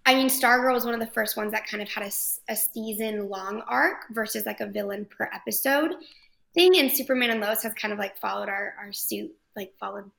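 A woman from Texas, an actress guest chatting enthusiastically in an interview, with frequent quick restarts. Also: mid-range voice, creaky, a bit bright. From Texas, USA. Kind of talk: casual interview chat.

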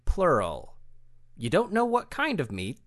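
A man runs a tabletop game, narrating the scene and laying down the rules. His voice sits a little high and is very animated, rising and falling as he explains. He often breaks into laughter between lines. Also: unhurried. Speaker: game master.

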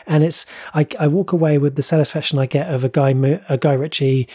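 Husky guy cohost, kinda high pitched but dark tone, earnest rambling chat, trips over words. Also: fairly even intonation. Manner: earnest, halting, repeats words. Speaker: podcast co-host. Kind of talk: casual pop-culture chat.

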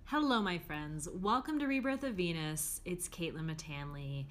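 A woman's voice: fairly low pitch, animated, normal speed, soft background music. Frank, chatty woman podcast host. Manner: frank and chatty, with frequent fillers and swearing. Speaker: podcast host and life coach. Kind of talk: casual podcast monologue.

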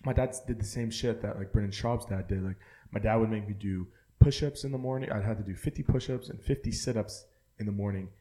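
A man's voice: fairly low pitch, brisk, dark tone. A young man co-hosting a podcast, chatting casually, profane and rambling with lots of filler words. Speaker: podcast co-host. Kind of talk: casual chat.

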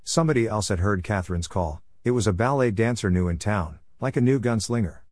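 A man's voice: fairly low pitch, animated, brisk, darkish tone, no echo, clean studio sound. A man narrating a story for a podcast with wry, humorous asides.

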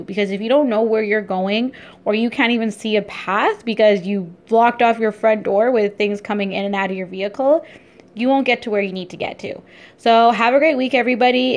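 Upbeat chatty woman vlogger. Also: on the high side. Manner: upbeat, chatty, easily excited. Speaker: vlogger and entrepreneur. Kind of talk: casual daily vlog.

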